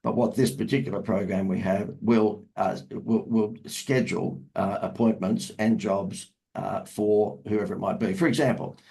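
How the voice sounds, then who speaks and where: Man, low voice, mellow tone, salesy interview guest, repeats himself for emphasis. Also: steady tone, normal speed, vocal fry, few pauses, poor audio. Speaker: marketing expert guest. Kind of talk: casual interview talk.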